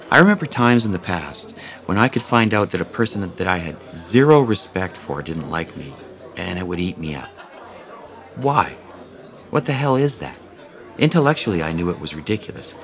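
Low-voiced male narrator for a self-help read; plainspoken, wry, a bit salty. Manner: candid, wry, conversational, with casual swearing. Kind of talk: first-person audiobook narration.

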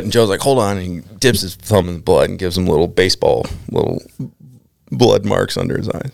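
A man's voice: deep voice, brisk, creaky. A man from Minnesota, a podcast guest, telling rambling stories in casual chat, laughing often and leaning on "I mean" and "like". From Minnesota, USA.

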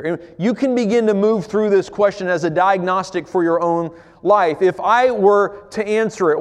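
A man preaching a sermon as pastor, swinging between loud emphasis and near-whispers. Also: high voice, normal speed. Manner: swings from loud to hushed, acts out quoted voices. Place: church sanctuary. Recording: long hall reverb.

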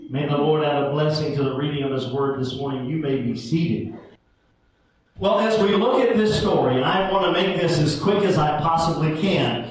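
Pastor, male, fervent sermon delivery, high voice, heavy church echo, distant mic. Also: normal speed, a little hiss or hum. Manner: fervent, call-and-response preaching. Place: church sanctuary. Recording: very echoey room, mic far off.

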